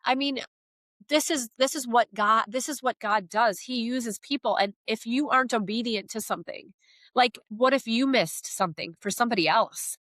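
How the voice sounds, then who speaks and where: A woman's voice: fairly high pitch, moderate pace, a bit bright, dry recording. A middle-aged woman giving a heartfelt faith testimony as a podcast guest, telling her story earnestly.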